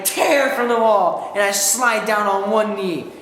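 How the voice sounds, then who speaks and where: A young man performing a memorized comic monologue as a student, animated and acting out quotes with shouts, in a school hall with echo and faint background noise. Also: high voice, moderate pace, few pauses.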